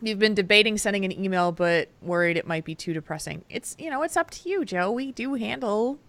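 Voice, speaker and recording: A woman co-hosting a casual podcast, chatty and quick to laugh, stressed and irritable, telling stories with lively quoted asides. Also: medium pitch. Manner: chatty, laughs often, animated retellings. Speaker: podcast co-host. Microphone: headphones and home mic.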